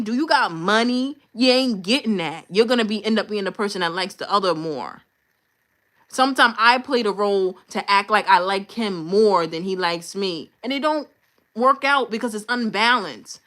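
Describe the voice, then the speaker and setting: Boastful woman streamer, slightly high voice. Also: fairly bright tone. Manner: boastful, confident, repeats points for emphasis; slangy, blunt, talks straight to viewers. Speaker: livestream host. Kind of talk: casual livestream chat.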